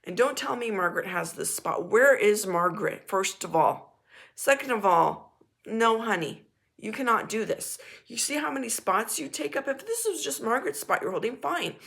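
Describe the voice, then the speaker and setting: A woman vlogger telling a casual story in a frank, animated and blunt way, now and then swearing. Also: fairly high pitch, moderate pace, gravelly.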